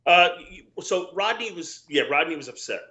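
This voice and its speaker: A middle-aged man with a very bright, forceful voice spins rambling stories, acting out the quotes of people he talks about. His voice rings in an echoey room. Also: high voice, lively intonation, normal speed. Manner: rambling anecdotes with quoted dialogue, many restarts. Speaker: former wrestler, guest. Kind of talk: casual storytelling interview.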